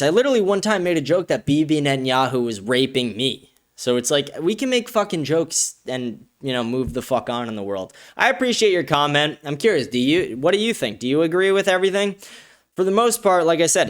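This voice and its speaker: Male streamer reading chat aloud, blunt and profane, smooth clean voice. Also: on the high side, very animated, a little fast. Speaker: show host. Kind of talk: casual livestream commentary reading chat comments.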